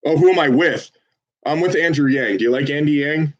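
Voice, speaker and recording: A man volunteering as a phone banker, chatting casually and swearing between calls, then switching to an upbeat salesman's pitch on the phone. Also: a little fast, dull audio. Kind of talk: casual livestream chat with live phone calls.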